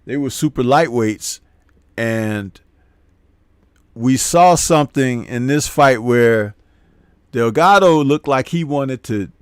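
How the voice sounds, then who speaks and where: Male host for a loose post-fight boxing chat: mid-pitched, rambling, amused, recorded dry and close. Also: smooth, no room sound. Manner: rambling, chuckles at his own jokes. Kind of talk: casual post-fight commentary, reading live chat.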